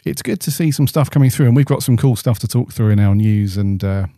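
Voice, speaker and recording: A man's voice: fairly low pitch, fairly quick, warm tone, no echo. A man co-hosting a podcast in casual, laid-back chat with plenty of fillers, on a studio mic. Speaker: podcast co-host.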